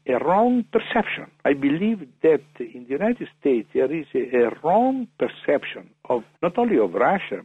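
Man, gravelly husky voice, halting with fillers, tinny dry phone line. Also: mid-range voice, no echo. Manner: hesitant, many fillers and restarts. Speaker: interview guest. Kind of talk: phone interview.

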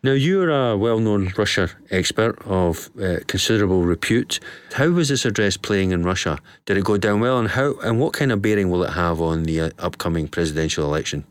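A low-pitched man hosts a political interview with an emphatic, rhetorical delivery. His voice sits dry and close, with no room sound around it. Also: lively intonation, fairly quick, clean tone, no room sound. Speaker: show host.

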